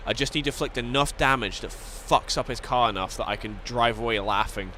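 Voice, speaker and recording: Bright-voiced, laughing Scottish man. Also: medium pitch, fairly quick, slight background noise. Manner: swears constantly, laughs through his stories. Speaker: streamer. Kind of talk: casual live-stream gaming chat.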